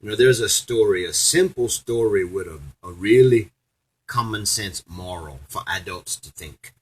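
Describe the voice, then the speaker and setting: A man's voice: fairly low pitch, normal speed, slightly rough, poor audio. A man delivering an angry, profane, preachy rant to his audience as a vlogger. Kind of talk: angry ranting monologue.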